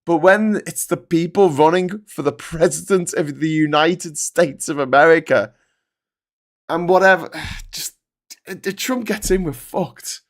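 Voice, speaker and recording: A middle-aged man hosting a live stream, talking in casual, animated, sweary commentary. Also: a little high, a little slow.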